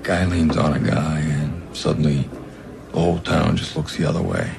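A weary man in a crime film, with an extremely deep, gravelly voice. The clip sounds distant, as if from a film soundtrack. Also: steady tone, normal speed, a little mellow, faint music behind, exaggerated voice. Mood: grim.

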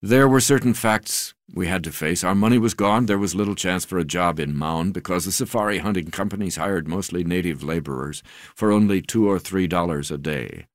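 A man reading a memoir aloud as an audiobook narrator, in a measured, deliberate way. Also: deep voice, no room sound, clean studio sound.

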